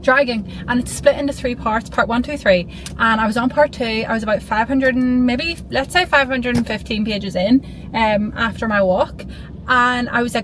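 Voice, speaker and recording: Chatty young woman vlogging, kinda high voice, bubbly and rambly, faint noise in the back. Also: normal speed, rough recording. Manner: bubbly, rambling, easily excited. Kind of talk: casual chatty vlog.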